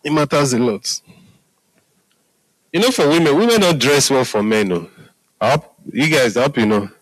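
A man's voice: mid-range voice, lively intonation, normal speed, no echo, rough recording. A man preaching a sermon in a conversational way, often asking his listeners if they are following. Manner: conversational, repeats "Hallelujah" and "are we together?" to the audience.

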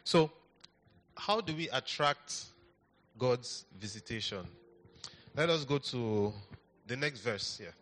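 Delivering a church sermon, this pastor coaxes the congregation, repeats phrases and invites them to respond aloud. He speaks slowly in a mid-range, slightly bright voice with lively intonation and long pauses.

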